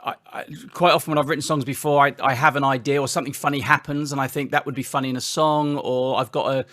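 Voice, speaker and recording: A middle-aged man from Britain, telling stories as an interview guest with lively restarts. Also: mid-range voice, fast, no room sound, studio quality. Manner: animated storytelling with frequent restarts. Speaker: interview guest, singer-songwriter. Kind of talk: casual interview chat.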